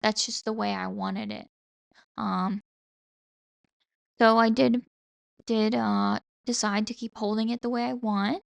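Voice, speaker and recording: Young adult woman, podcast host, strong vocal fry, dry close sound, rambling casual chat, constant "like" fillers, casual swearing. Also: mid-range voice, fairly even intonation, unhurried, long pauses, no echo.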